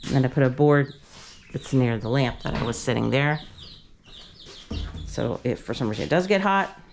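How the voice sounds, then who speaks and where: A woman filming a casual farm vlog, chatting as she sets up a pen and fusses over her ducks and chicks. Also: moderate pace. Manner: chatty, talks to her ducks in a high sing-song baby voice. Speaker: farm vlogger. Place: outdoor farm pen with poultry. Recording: clear poultry noise in the background. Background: birds clucking and chirping.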